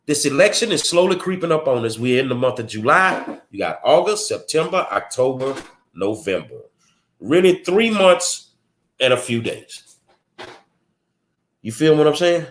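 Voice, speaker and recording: A man's voice: on the high side, sing-song, moderate pace, a little hiss or hum. A man delivering a blunt, combative monologue full of rhetorical questions, in a streetwise manner. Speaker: political commentary host. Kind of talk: confrontational monologue.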